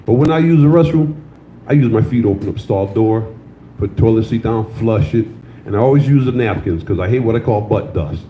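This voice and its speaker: An older man with a fairly low voice talks a little fast, with a faint hiss or hum underneath. He's doing a loose, crude stand-up set in a comedy club, telling stories and ribbing the crowd. The live club sound is roomy and slightly dull.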